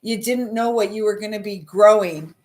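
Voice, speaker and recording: A woman's voice: medium pitch, moderate pace, darkish tone. A woman in her fifties from Canada hosts a live card reading. She talks in a gushing, wandering way and keeps circling back to her feelings, with fillers and trailing thoughts. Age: 50s. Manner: gushing, meandering, emotional. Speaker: intuitive card reader, livestream host.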